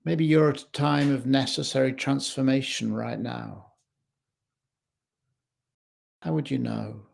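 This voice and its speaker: A man speaking as a life coach in a slow, measured reflective talk, recorded in his home kitchen. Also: mid-range voice, fairly even intonation, creaky.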